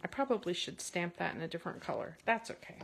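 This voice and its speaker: A woman hosting a casual card-making tutorial from her craft space, chatty and rambling, with bursts of excitement. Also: on the low side, quick pace, gravelly, slight background noise.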